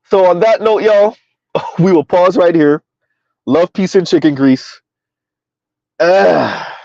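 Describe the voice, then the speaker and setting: A man hosting a relaxed live commentary stream, chuckling as he reads out comments from his viewers. His voice sits a bit high for a man and is dry, with little room sound. The sound is muffled and lo-fi. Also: slow, vocal fry, no room sound. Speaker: commentary channel host.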